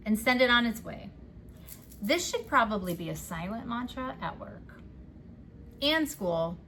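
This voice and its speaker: Woman, mid-pitched and gravelly, chatty tarot reader who swears casually and keeps checking in with "right?". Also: a bit bright, a little hiss or hum. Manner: loose and profane, with frequent "like" and "right?". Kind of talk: casual tarot reading to viewers.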